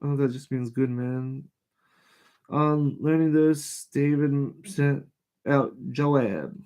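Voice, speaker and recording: A man with a warm, medium-pitched voice hosts a live show, reading Bible passages aloud haltingly, stumbling and restarting. He regularly breaks off to give frank, irritated commentary.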